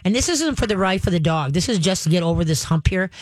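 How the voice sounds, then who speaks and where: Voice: mid-range voice, animated, quick pace, dry recording. A radio call-in host and dog trainer giving folksy, emphatic step-by-step advice to a caller.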